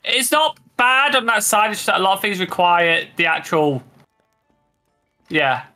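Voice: mid-range voice, measured pace, bright, forceful tone, soft background music. A co-player chatting casually and explaining game menus with many hesitations. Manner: helpful, explaining, hesitant with fillers. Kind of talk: casual gameplay chat.

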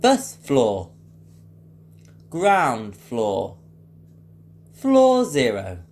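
A flat, measured automated lift announcer, as a man imitates it. Each announcement is drawn out very slowly, with a level, mechanical delivery. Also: mid-range voice, exaggerated voice. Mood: flat announcing.

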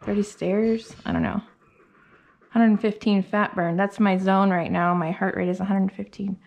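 Young woman groomer, chatty vlog narration, mellow gravelly voice, faint background noise. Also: mid-range voice, little pitch movement, normal speed, dull audio. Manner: chatty, thinks aloud, coos at the dog. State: out of breath. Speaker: dog groomer. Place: grooming salon.

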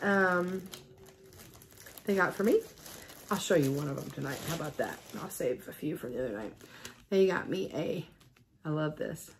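Woman, middle-aged, chatty home vlogger, excitable and gushing, casual unboxing talk. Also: mid-range voice, slight background noise. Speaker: stitching vlogger. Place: at home with a cat.

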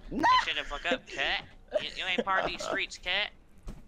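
A man's voice: high voice, a little slow, crowd noise. A man role-playing in online game voice chat, talking with tough street bravado.

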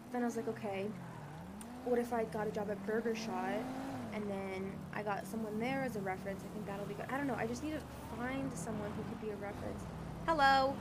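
A woman's voice: mid-range voice, fairly even intonation, fast talker, heavy background noise. A woman streamer chatting casually and rambling in an upbeat way during game role-play.

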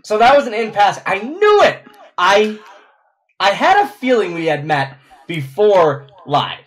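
Halting self-mocking man host. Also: sits high, sing-song, fairly bright tone. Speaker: podcast host. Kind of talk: casual chat.

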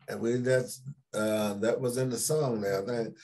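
A man of ordinary pitch leading a church Sunday school lesson. He talks in an unhurried way, leans on repeated words for emphasis and stops to ask the class questions. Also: darkish tone. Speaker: pastor teaching Sunday school.

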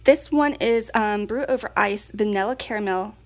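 A prepping vlogger chats casually through a pantry food haul, folksy and laughing often. Her voice is mid-range and her speed normal.

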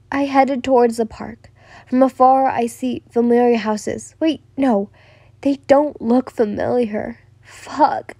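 A woman's voice: fairly high pitch, steady tone, unhurried, warm tone, no echo. A young woman narrating a first-person listener story, stumbling and restarting now and then. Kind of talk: reading a listener-insert story.

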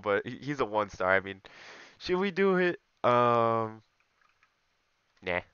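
A man's voice: mid-range voice, sing-song, takes it slowly, fairly bright tone, clear, resonant tone, no room sound, dull audio. A young man giving joking, rambling commentary over his gameplay, talking straight to his viewers. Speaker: gaming YouTuber.

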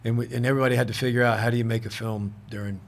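A man, a guest actor, telling anecdotes in a casual interview, earnest and halting, restarting sentences and often saying "man". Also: mid-range voice, level tone, gravelly. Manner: peppers speech with "man".

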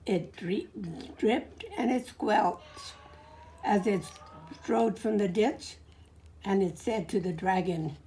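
A woman in her forties reading a picture book aloud to a child, gently stopping to point things out and ask questions. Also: medium pitch, slow pace, slight background noise. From California, USA. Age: 40s.

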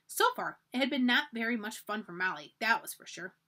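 Expressive woman reading a children's book. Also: a little high, brisk. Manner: expressive, animated narration. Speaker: library storyteller. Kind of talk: children's storybook read-aloud.

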